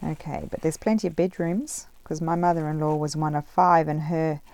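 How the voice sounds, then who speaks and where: A woman's voice: deep voice, fairly even intonation, moderate pace, darkish tone, no echo. A middle-aged woman chatting casually while she crafts, rambling with many fillers. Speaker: craft vlogger. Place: home craft table, indoors.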